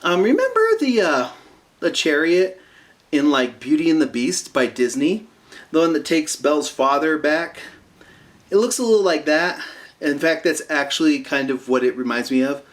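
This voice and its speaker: A man casually recapping a cartoon episode, rambling with asides and fillers and slipping into quick impressions of the characters. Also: a little high, animated. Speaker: episode reviewer.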